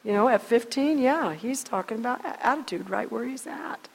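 An older woman in her sixties tells a story in a casual, earnest way. She rambles, restarts her sentences and adds heartfelt asides. Her voice sits a little high, and a long hall reverb trails behind it. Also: animated, normal speed, breathy edge. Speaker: speaker sharing a story.

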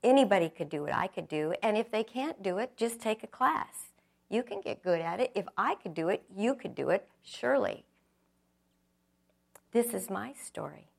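A woman's voice: medium pitch, animated, moderate pace, creaky, husky. A middle-aged woman giving an earnest, reflective personal testimony, telling her story with acted quotes.

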